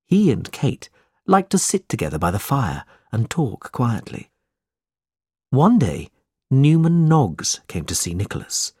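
A man reads a simple classic story aloud in a measured, steady narration. His pitch moves a lot and his tone is husky and breathy. The sound is close and dry. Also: no room sound.

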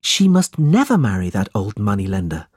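A man's voice: lowish voice, very animated, normal speed, a little mellow, breathy edge, no room sound, clean studio sound. A man voicing an earnest, brave young man in a storybook reading, urgent and sincere.

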